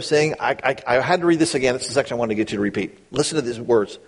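A middle-aged man preaching a sermon, reading scripture slowly and then explaining it in quick, casual asides. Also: mid-range voice, lively intonation, breathy edge. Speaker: pastor.

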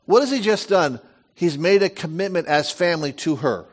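A middle-aged man preaching with a lively, swooping delivery. His voice sits a little high for a man. He reads scripture aloud and keeps stopping to explain it and tell stories in his own words. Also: normal speed. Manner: animated storytelling, reads scripture with lively asides. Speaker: pastor. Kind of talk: sermon.

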